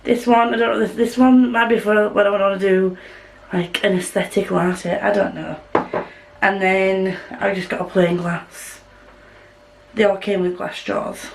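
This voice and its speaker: A woman's voice: medium pitch, steady tone, measured pace, gravelly, slight background noise, rough recording. A woman from the north of England with a Yorkshire accent, chatting casually to camera at home in a rambling, self-deprecating way. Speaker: vlogger. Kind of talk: casual chat.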